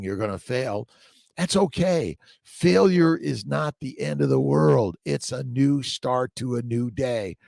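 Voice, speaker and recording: A man hosting a casual morning livestream, greeting viewers by name and reading their names aloud haltingly as he rambles in an upbeat way. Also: fairly low pitch, gravelly, a little mellow, dry recording, studio quality.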